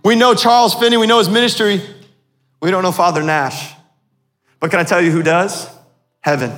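A man's voice: high voice, moderate pace, fairly bright tone, in a large hall. A man preaching a sermon as pastor, asking the congregation questions as he goes.

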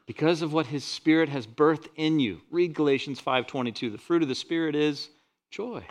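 A man pastor preaching a sermon, rising loud on scripture and dropping quiet for asides. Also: medium pitch, normal speed.

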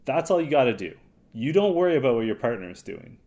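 A man's voice: medium pitch, very animated, fast talker, a little mellow. A man co-hosting a podcast, talking bluntly and emphatically in casual chat. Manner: blunt, laughs often, emphatic. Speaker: podcast co-host.

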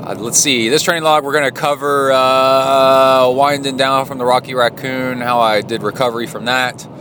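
A man's voice: mid-range voice, background noise. A man, rambling and chatty as he records a casual training-log monologue into his phone in a locker room. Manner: rambling, chatty storytelling with many fillers. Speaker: podcast host.

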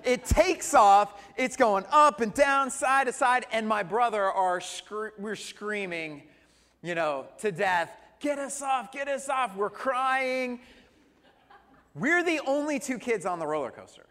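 A man's voice: high-pitched, lively intonation, slow, sharp tone, big-room sound. A man preaching a sermon as pastor, telling a humorous personal story. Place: church sanctuary.

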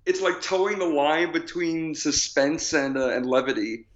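This podcast co-host is a man with a fairly high, expressive voice at a moderate pace. He chats casually and enthusiastically, laughing between phrases. The recording comes through a slightly dull lo-fi mic.

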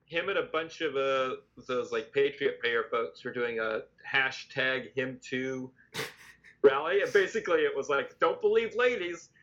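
A man co-hosting a podcast in casual chat, speaking in a low-key, hesitant way. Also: unhurried, pushed and bright. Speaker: podcast co-host. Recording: dull lo-fi audio.

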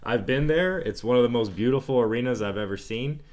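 A man's voice: mid-range voice, a little fast, a little mellow. A man co-hosting a casual sports podcast, blunt and dismissive, laughing often as he ranks things. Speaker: podcast co-host.

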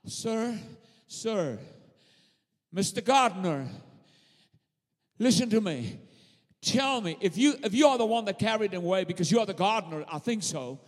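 A man's voice: high voice, expressive, a little slow, pauses often. A man voicing a grieving woman who stammers and pleads urgently with a gardener. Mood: pleading. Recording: long hall reverb.

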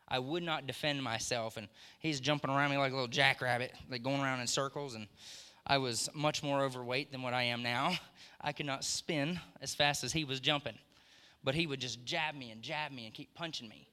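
A middle-aged man preaching a sermon in a church, telling family stories and building to excited emphasis. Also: medium pitch, fairly quick, clean tone. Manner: storytelling, rising to excited emphasis. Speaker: pastor. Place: church sanctuary. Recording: long church hall reverb.

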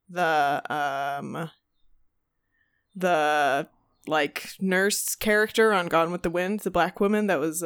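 A woman's voice: on the low side, clean tone. A young adult woman telling a story in casual chat, rambling with many ums and restarts, laughing and swearing as she goes. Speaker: podcast co-host.

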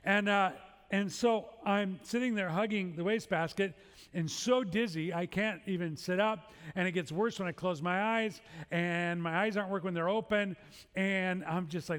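A man's voice: sits high, normal speed, clear, resonant tone. A middle-aged male pastor preaching a sermon, telling a story with humorous, self-deprecating asides. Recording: long hall reverb.

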